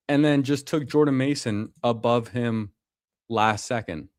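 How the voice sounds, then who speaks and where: A man's voice: medium pitch, unhurried, dry recording, clean studio sound. A man streaming a fantasy football draft, talking casually and slangily with viewers. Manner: casual, slangy, calls people bro and man. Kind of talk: casual live commentary.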